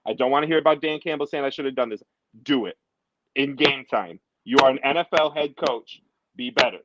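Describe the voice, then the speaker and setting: Animated man ranting about football. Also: medium pitch. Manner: animated, ranting, quick asides. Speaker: podcast host. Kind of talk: casual sports talk. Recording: dull lo-fi audio.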